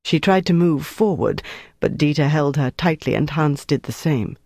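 An audiobook narrator reading a thriller in an even, steady way. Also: mid-range voice, normal speed, gravelly, no room sound, studio quality. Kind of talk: scripted narration.

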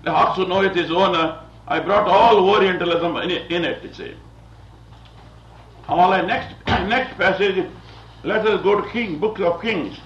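High-voiced man preaching from India. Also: unhurried, a bit bright, a little hiss or hum. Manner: digressive, chuckling, repeats phrases with "you see". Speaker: visiting Bible teacher. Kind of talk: lecture-style sermon. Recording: dull, roomy, distant old recording.

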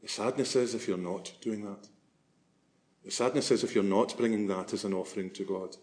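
A man's voice: on the low side, steady tone, fairly quick, a little mellow. A man preaching a sermon as a priest, earnest and swelling to emphasis on key phrases.

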